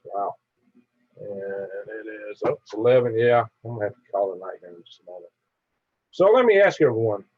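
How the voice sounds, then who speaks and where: A man's voice: on the low side, husky, no room sound, highs cut off. A middle-aged man hosting a casual live stream, reading viewer comments aloud in a chatty, tired way. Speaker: livestream host.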